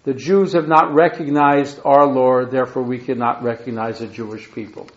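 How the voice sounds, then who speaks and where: A man's voice: mid-range voice, fairly even intonation, normal speed. A man giving a history lecture who reads long quotations from a diary aloud, stumbling and correcting himself as he goes. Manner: reads quotes aloud with restarts and self-corrections. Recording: echoey lo-fi room recording.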